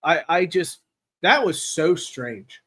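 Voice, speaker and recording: Excitable man chatting about football. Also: a little high, takes it slowly, breathy edge. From Tennessee. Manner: excitable, rambling, reads chat aloud. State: raw throat from cheering. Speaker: podcast host. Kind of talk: casual live-stream sports chat.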